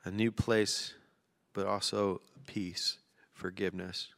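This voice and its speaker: Bright-voiced male preacher in a reverberant hall. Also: sits low, little pitch movement, slow, creaky. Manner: conversational and joking, rising to emphatic reading. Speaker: pastor. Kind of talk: sermon.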